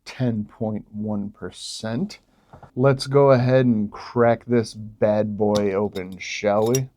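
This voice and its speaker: A man talks through his beer tasting in a relaxed, unhurried way, his mellow voice low and warm. He tosses off jokes and exclamations between sips, casual and unscripted. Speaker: beer vlogger.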